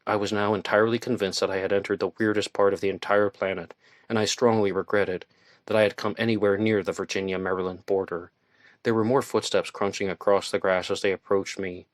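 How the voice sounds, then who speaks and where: A man reading a first-person thriller audiobook in a tense, measured storytelling manner. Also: on the low side, flat delivery, no echo. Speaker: audiobook narrator.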